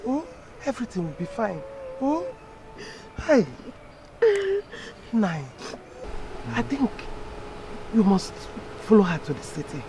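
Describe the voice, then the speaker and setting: An actress playing a concerned mother figure who comforts a crying young woman, speaking with a Nigerian accent in a pleading, animated way. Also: medium pitch, takes it slowly, pauses often, background noise. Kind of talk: Nollywood film acting.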